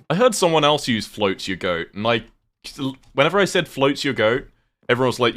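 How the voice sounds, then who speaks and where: A man's voice: medium pitch, very animated, brisk, fairly bright tone. A British man chatting casually on a livestream while gaming, rambling, swearing offhand and thanking viewers. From United Kingdom.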